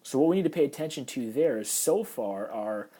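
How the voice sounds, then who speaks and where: Husky man teaching a language lesson. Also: mid-range voice, expressive, brisk, mellow. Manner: patient, explanatory, with frequent fillers and restarts. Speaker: Hebrew teacher. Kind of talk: recorded lecture over slides.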